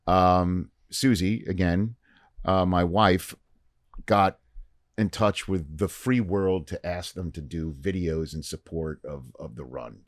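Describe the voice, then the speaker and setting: Middle-aged male podcast host, very low pitch, loose chatty storyteller, dry studio sound. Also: slow pace, dry recording. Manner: rambling, animated anecdote-telling with many fillers. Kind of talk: casual storytelling chat.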